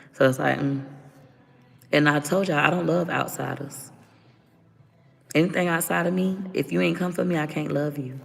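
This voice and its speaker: A woman's voice: deep voice, vocal fry, in a large hall. A woman around forty telling a candid personal story as a vlogger, blunt, profane and unfiltered.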